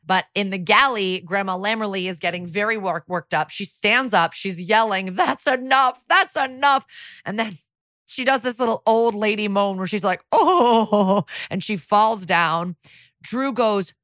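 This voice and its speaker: A woman's voice: medium pitch, normal speed, no room sound. A woman co-hosting a podcast, casually recapping a TV episode and acting out the characters' lines with some swearing. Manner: animated, swearing, acts out quotes. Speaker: podcast co-host.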